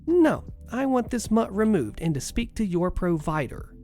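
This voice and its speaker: A man's voice: high voice, big pitch swings, moderate pace, darkish tone, faint music behind, pitched above the performer's own voice. A man voicing a rude middle-aged woman patient who screeches and demands, scornful of everyone around her. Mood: shrill scornful.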